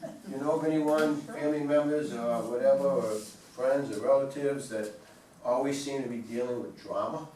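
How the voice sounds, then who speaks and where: Here a man with a mellow, mid-range voice speaks at a normal speed with fairly even intonation, giving a wellness talk to a small group. He chats with listeners, asks them questions, and goes back over points. The audio is roomy and distant, with slight room noise.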